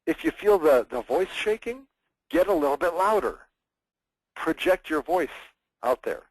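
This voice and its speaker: A man teaching public speaking in a webinar, energetic and expressive, acting out examples in mock voices. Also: on the high side, unhurried, no room sound, poor audio. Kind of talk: webinar presentation.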